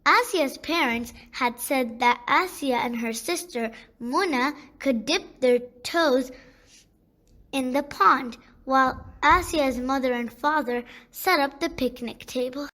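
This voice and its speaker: A woman narrating a children's storybook in a gentle, deliberate way. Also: high-pitched.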